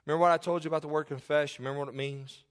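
A man's voice: on the high side, fairly even intonation, very fast. A middle-aged male pastor preaching a sermon, conversational and candid, with rhetorical questions. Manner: confessional, candid storytelling.

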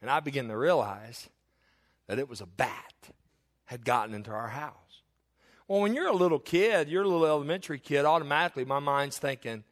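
A middle-aged man preaching in a folksy voice, a little higher than most men. He spins homespun stories with lots of restarts, asides and repeated phrases, talking straight to his congregation. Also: expressive, normal speed. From Eastern Kentucky. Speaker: pastor. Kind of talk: sermon.

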